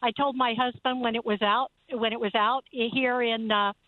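A woman's voice: a little high, fairly even intonation, normal speed, no echo. A woman in her seventies calling in to a radio show, telling an earnest story. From Southern California. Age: 70s. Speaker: caller. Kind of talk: phone-in testimony. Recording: tinny phone line, dry.

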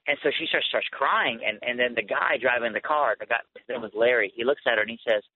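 A man's voice: medium pitch, fast. A man, a guest speaker and author, earnestly telling his personal testimony in a conversational way over a phone line into a radio show. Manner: earnest, conversational, rising with emotion. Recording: dry tinny phone line.

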